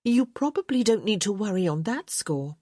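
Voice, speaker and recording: A witty young lady with a wry, amused way of talking, voiced by a woman in an audiobook. Her lively pitch leaps about over a slightly breathy tone. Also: normal speed, dry recording, studio quality.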